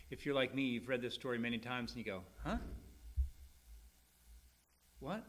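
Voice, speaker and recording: Bright-voiced man preaching a sermon. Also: a little high. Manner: conversational preaching with animated scripture reading. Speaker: pastor.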